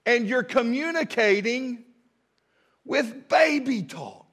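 A man in his fifties preaching with a drawl in a rather high voice. He is folksy and humorous, often repeating words as he restarts his sentences, and he drops low and quiet for asides. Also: lively intonation, takes it slowly, slightly rough. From American South. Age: 50s. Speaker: pastor. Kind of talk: sermon.

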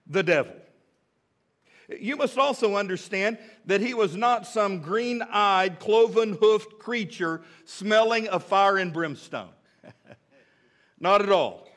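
Slow, high-voiced preaching man. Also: lively intonation, a bit bright. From United States. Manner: rhetorical, asks the congregation questions, builds with emphatic repetition. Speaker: pastor. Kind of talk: sermon.

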